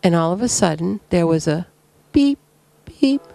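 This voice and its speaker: A woman telling an audience about a ghost encounter, in a lively way that builds suspense. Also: lowish voice, a little slow, vocal fry, no echo. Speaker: ghost hunter. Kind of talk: storytelling to an audience.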